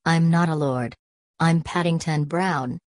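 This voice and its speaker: A woman's voice: low-pitched, unhurried, darkish tone, no room sound, clean studio sound. A woman voicing a small bear who speaks in a polite, earnest way. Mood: indignant.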